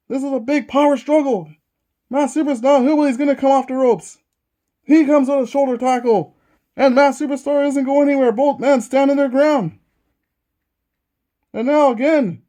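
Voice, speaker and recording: A man with a high, warm voice hosts a tabletop wrestling game, giving play-by-play commentary. He sounds eager and repeats each move as he announces it.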